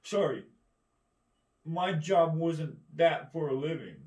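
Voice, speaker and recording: Swearing ranting man, slow and echoey. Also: on the high side, expressive, a little mellow. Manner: heavy swearing, keeps asking "right?"; rambling and combative. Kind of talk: profane monologue rant. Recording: echoey room, distant mic.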